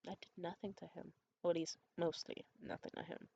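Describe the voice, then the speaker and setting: A woman's voice: level tone, brisk, gravelly, dull audio, a little hiss or hum. A young adult woman vlogger telling a candid, profane story in a conspiratorial way. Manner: acts out quoted voices high and loud. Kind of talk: storytime vlog.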